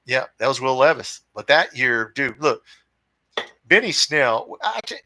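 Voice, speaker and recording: A fired-up man hosts a fan livestream from home, reading comments aloud and firing back in blunt, profane talk. His voice is bright and forceful, recorded dry and close with no room around it. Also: mid-range voice, big pitch swings, measured pace, dry recording, poor audio. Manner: blunt, profane and fired-up, calls people brother and dude. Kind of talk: casual livestream chat reading viewer comments.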